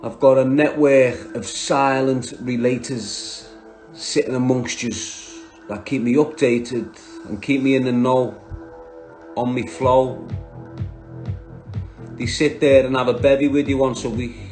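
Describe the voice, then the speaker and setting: A man's voice: mid-range voice, steady tone, takes it slowly, pauses often, darkish tone, faint music behind. A man with a Liverpool Scouse accent, talking on a livestream, bluntly and combatively answering viewers by name. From Liverpool, England.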